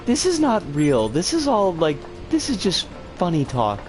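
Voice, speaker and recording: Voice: medium pitch, wildly swooping pitch, moderate pace, few pauses. A streamer giving live gameplay commentary, swearing in exasperated outbursts. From United States. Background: game music.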